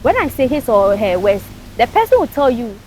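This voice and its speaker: A woman's voice: on the high side, very animated, normal speed, darkish tone, a little hiss or hum. Frank Ghanaian woman talk show panelist. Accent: Ghanaian English. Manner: frank, emphatic, mixes in local phrases. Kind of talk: casual talk show discussion.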